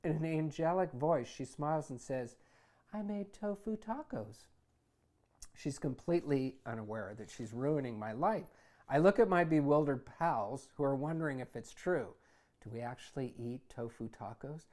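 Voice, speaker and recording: A man who hosts a show, reading his own memoir aloud in a conversational, wry way that gets animated in heated passages. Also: medium pitch, moderate pace. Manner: conversational, wry, animated when retelling anger. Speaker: author and host.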